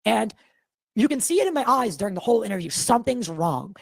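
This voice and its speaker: A man from Massachusetts hosting a podcast, telling a story in a rambling, animated way and swearing freely, audibly shaken. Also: sits high, fast, gravelly, dry recording. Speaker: podcast host.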